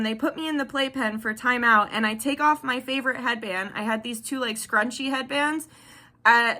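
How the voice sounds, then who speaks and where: A woman's voice: a little high, bright, forceful tone. A woman in her thirties telling a personal story to the camera in a candid, rambling way with many fillers. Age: 30s. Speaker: tarot vlogger.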